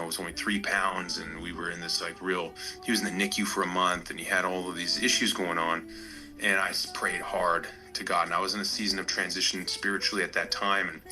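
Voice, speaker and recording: A man giving an earnest, halting personal faith testimony. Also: deep voice, poor audio.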